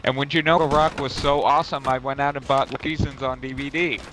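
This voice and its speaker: A young man talks casually over a game stream, drifting through a long story, swearing and restarting his sentences. His voice sits at an ordinary, middle pitch. A clear layer of background noise runs under the recording. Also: little pitch movement, quick pace. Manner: rambling, profane storytelling with self-corrections. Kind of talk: casual chat while gaming. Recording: noisy stream audio.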